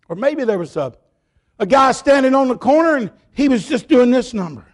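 A man preaching a sermon, telling stories and rising to shouts. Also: extremely high pitch, lively intonation, moderate pace. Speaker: pastor.

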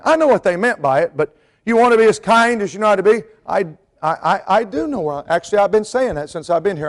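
Man, middle-aged, high-pitched, preaching a sermon, storytelling, quiet to hollering swings. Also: sing-song, moderate pace, pauses often. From North Carolina mountains. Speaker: pastor and missionary.

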